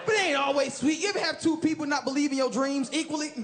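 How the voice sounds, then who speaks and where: High-voiced man doing loud stand-up. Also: fast, over music. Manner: animated, loud punchlines, bursts into shouted impressions. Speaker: stand-up comedian. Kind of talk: stand-up comedy set. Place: comedy club stage with live audience. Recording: live club recording with crowd laughter and noise.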